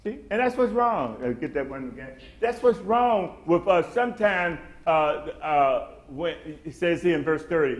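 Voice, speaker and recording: A man preaches, his voice sitting a little high as it builds into emphatic swells and acted-out quotes. The sound carries around a roomy, echoey church sanctuary. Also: lively intonation, unhurried. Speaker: pastor. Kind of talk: sermon.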